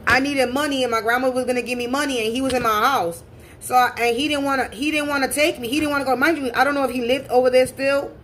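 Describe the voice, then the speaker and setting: A woman's voice: high-pitched, steady tone, quick pace, fairly bright tone, slight background noise. A woman telling a personal story in a casual, blunt and profane way, repeating points for emphasis. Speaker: spiritual reader and channel host.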